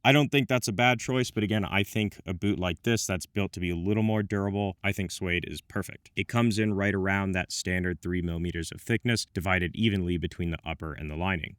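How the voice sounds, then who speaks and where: A man with a fairly low voice talks through a product review from a script. He drops in wry, self-deprecating asides. The recording is dry and close, with no room sound. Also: a bit bright, no room sound. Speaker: menswear reviewer.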